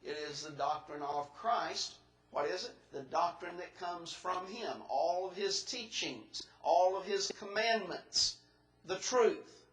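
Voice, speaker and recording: A preacher delivers a methodical, step-by-step sermon in a high, bright man's voice. The sound rings through a roomy church hall, and he works through each point like a teacher. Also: takes it slowly. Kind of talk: expository sermon.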